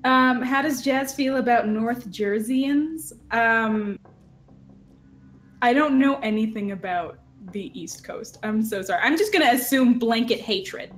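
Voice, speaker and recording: A woman chatting casually out of character at a tabletop game, hesitant and filling pauses with ums. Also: a little high.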